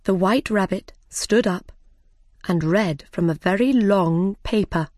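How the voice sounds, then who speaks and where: A woman narrates a storybook in a careful, measured way. She reads very slowly at a middle pitch. The recording is dry and close, with no room sound. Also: darkish tone, no echo. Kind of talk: slow, clear storybook reading.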